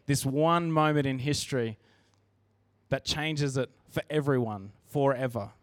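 A man's voice: medium pitch, measured pace, dry recording. A man preaching a sermon in church, earnest and conversational, often restarting his sentences.

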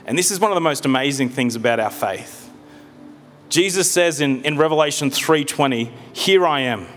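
A man preaching a sermon in a conversational way, with gentle humor and frequent restarts. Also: fairly high pitch, moderate pace, a little hiss or hum. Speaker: pastor. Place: church hall. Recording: long hall reverb.

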